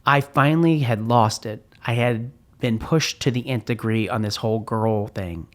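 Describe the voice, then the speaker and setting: A man's voice: fairly low pitch, fairly quick. A middle-aged man hosting a podcast and telling a personal story in an earnest, heartfelt way, often restarting his sentences. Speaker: podcast host.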